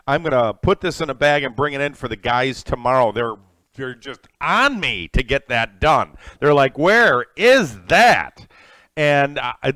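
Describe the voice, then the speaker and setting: A man's voice: medium pitch, fairly bright tone, no echo. A man hosting a live cooking stream, chatting casually and rambling with many fillers as he greets viewers. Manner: reads viewer names from chat and thanks them. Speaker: cooking livestream host.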